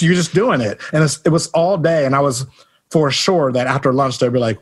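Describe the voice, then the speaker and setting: A man, a puppeteer, telling a lively, playful story and acting out his reactions. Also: on the high side, fast, husky. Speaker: puppeteer mentee. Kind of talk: casual anecdote.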